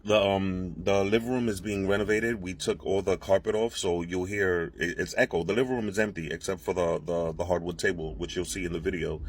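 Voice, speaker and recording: A man's voice: low-pitched, steady tone, fairly quick, few pauses, a little hiss or hum. A man telling a story into his own camera at home, rattled and rambling, with many restarts. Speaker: social media creator. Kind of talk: casual self-recorded video.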